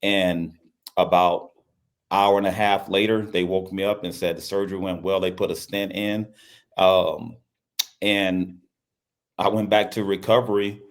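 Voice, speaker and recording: A middle-aged basketball coach from Louisiana, with a low, steady voice and a slightly slow delivery, tells a personal story in an interview. He is earnest, repeats his phrases, and acts out quoted speech.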